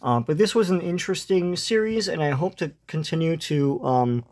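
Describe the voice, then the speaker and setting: A man's voice: a little high, normal speed, a little mellow. Casual man retelling a comic, hesitant. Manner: hesitant, lots of ums and uhs, chuckles now and then. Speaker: comic book reviewer.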